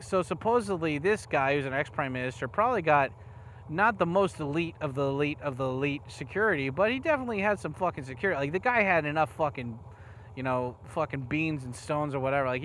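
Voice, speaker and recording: A man records a casual riding vlog on city streets, his rambling rant full of curses. His voice sits a little higher than most men's. A faint hum of traffic runs behind him. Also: animated, fairly quick, fairly bright tone. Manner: rambling, heavy swearing, angry. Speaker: motovlogger. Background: faint traffic noise.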